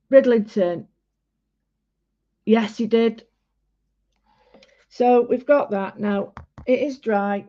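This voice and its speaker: A woman talks slowly through a watercolour demo, chatty and full of little pauses and fillers. Her voice sits at a middling pitch. The recording is muffled and lo-fi. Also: mellow. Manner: chatty, halting, many fillers. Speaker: art tutorial host. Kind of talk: casual painting demonstration. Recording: dull lo-fi home recording.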